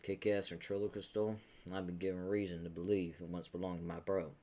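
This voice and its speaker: A man reads a brash young adventurer who rattles his lines off quickly and breezily. The voice sits low and the delivery is loose and easygoing in a comic read-aloud. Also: level tone, mellow. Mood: breezy.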